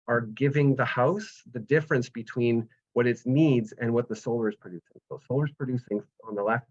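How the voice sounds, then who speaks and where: A man, explaining solar power step by step with patient analogies in a webinar over a video call. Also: mid-range voice. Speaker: solar energy presenter. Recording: dull lo-fi webinar audio.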